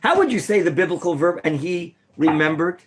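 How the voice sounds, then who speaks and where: A man teaching an interactive Torah class in a classroom, quizzing his students and now and then bursting into theatrical excitement. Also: on the high side, brisk, crowd noise. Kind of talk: interactive Bible lesson. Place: classroom at a yeshiva.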